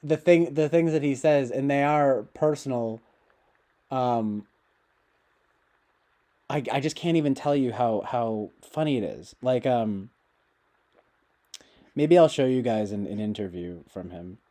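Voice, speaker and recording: A man's voice: mid-range voice, a little slow, pauses often, dark tone. A man chatting casually to his livestream viewers, meandering with many fillers and restarts. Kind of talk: casual rambling livestream chat.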